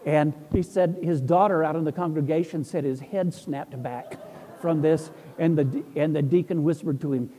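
A man's voice: a little high, normal speed, dark tone. A middle-aged man, an Orthodox priest, telling rambling, humorous stories in a casual talk. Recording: long hall reverb.

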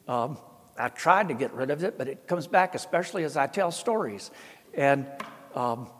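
A man's voice: medium pitch, lively intonation, moderate pace. A middle-aged man with an Appalachian Southern accent, an Orthodox priest telling folksy, self-deprecating stories and acting out the voices he quotes. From American South. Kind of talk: storytelling talk. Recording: long hall reverb.

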